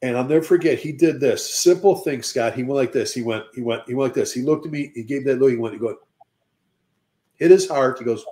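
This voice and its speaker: A man chatting casually and telling lively stories as a fire service speaker. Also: mid-range voice, fairly quick. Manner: animated storyteller. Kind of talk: casual chat.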